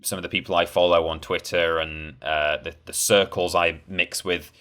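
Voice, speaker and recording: A Yorkshire-accented man co-hosting a casual gaming podcast. His voice is low yet bright and forceful, and his humour stays dry and deadpan, heavy with sarcasm. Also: moderate pace, clear, resonant tone. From Yorkshire, England. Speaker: podcast co-host. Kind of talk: casual chat.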